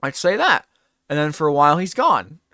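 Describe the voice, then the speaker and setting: A man's voice: on the high side, moderate pace, no room sound, clean studio sound. A man hosting a talk show, telling a rambling comedic bit and acting out scenes. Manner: animated, rambling, acts out scenes.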